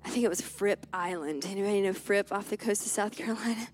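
A woman's voice: mid-range voice, fast, faint music behind. A woman in her thirties preaching a storytelling sermon, emphatic and repeating key phrases as she builds to fervent appeals.

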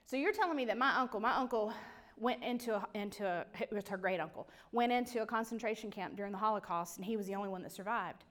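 A woman's voice: medium pitch, quick pace. Woman telling a personal story. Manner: animated, acts out quoted voices, trails to a near whisper. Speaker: speaker sharing a personal testimony.

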